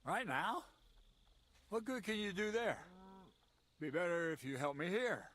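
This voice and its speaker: Sarcastic gruff commander. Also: male voice, high voice, big pitch swings, a little slow, a bit bright, full character voice. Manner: sarcastic, blunt. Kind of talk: video game dialogue.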